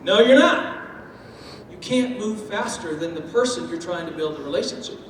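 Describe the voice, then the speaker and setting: High-voiced man speaking in an echoey hall. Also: moderate pace, a little hiss or hum. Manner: lively, uses homely food analogies and acted-out quotes. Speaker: speaker on step parenting. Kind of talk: talk with audience. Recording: echoey hall from far off, faint ambience.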